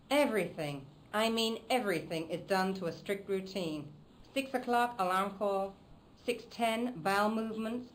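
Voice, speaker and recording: A woman's voice: mid-range voice, slight background noise, lightly acted, poor audio. A woman playing a prim gossipy hospital woman. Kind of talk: video game voice acting.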